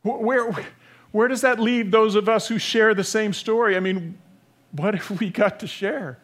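Male pastor, fairly high voice, dynamic sermon delivery that swings from loud emphasis to hushed asides. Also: steady tone, measured pace.

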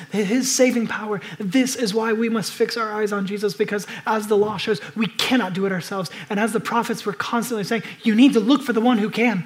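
High-voiced preacher, urgent and animated. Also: male voice, normal speed. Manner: swings between loud urgent exhortation and hushed reflection. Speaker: pastor. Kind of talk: sermon.

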